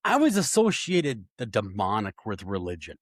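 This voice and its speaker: A man's voice: on the low side, moderate pace, no room sound, clean studio sound. A man, a paranormal investigator, telling a story in casual talk and acting out the voices of the people in it. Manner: animated, acts out voices in his story.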